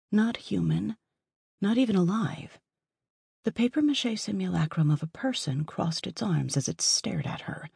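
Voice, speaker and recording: A woman reads a fantasy audiobook as its narrator, with lively storytelling and rising emphasis. Her voice is slightly husky, and the recording is dry and close. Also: deep voice, no echo. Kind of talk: scripted narration.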